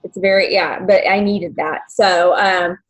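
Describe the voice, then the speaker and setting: A young adult woman telling her life story as an interview guest, halting, with many fillers and restarts, at times emotional. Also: lowish voice, fairly even intonation, poor audio. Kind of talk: personal story in podcast interview.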